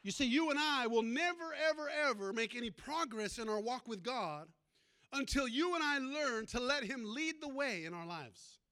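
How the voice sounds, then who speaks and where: High, bright-voiced storytelling pastor. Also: male voice, lively intonation, moderate pace, clean tone. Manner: storytelling preacher with call-and-response. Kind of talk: sermon.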